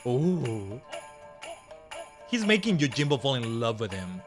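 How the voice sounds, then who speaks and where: A man streaming a video game, gushing excitedly with stumbling restarts. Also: medium pitch, measured pace, music in the background. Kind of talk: casual live gameplay reactions.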